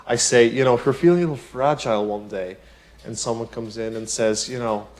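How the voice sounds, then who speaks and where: A man's voice: medium pitch, a little fast, a little mellow. Chatty male piano teacher. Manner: chatty, many "you know" asides and rhetorical "isn't it?"; explains with everyday examples. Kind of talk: casual spoken tutorial.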